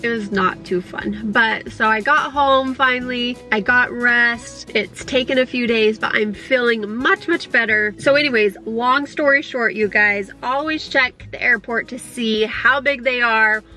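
Young female vlogger, lively chatty storyteller with a bright, crisp tone over light background music. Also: fairly high pitch, measured pace, few pauses, low-quality recording. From Utah. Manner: animated, laughs often, addresses viewers. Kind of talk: casual storytelling to camera.

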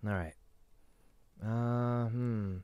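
A shy, soft-spoken young man chatting casually on a gaming stream, giggling as he thanks viewers. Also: mid-range voice, steady tone, very slow, clean tone.

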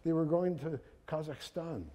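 A man voicing an excited male childhood friend, talking in a raised, insistent way. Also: on the high side, moderate pace, close to an everyday voice. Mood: hearty, chiding.

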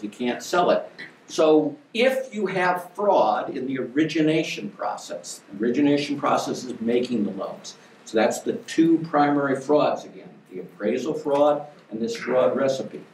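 An older man giving an academic lecture as a guest lecturer, emphatic and wry, with lively bursts of stress on key words. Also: mid-range voice, a little hiss or hum. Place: lecture hall. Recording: echoey hall from far off.

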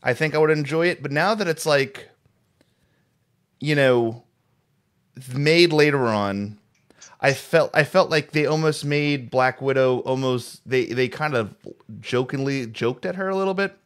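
A man's voice: medium pitch, measured pace. A man co-hosting a casual pop culture chat over a video call, rambling and restarting his sentences. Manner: rambling, full of restarts and fillers. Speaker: co-host.

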